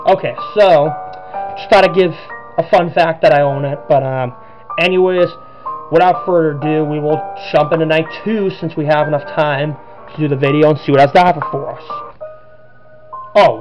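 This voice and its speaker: A man with a fairly high voice gives chatty let's-play commentary as a gameplay commentator, laughing a lot and apologizing for his own voices. The highs in the audio are cut off.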